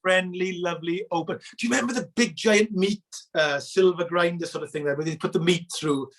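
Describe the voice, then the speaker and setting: A Welsh man with a Merthyr Tydfil accent, talking fast and high as he tells animated childhood stories. He slips into little voices for the people in his anecdotes. It sounds like a casual remote interview. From Wales. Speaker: interview guest. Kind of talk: casual reminiscing chat. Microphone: remote call.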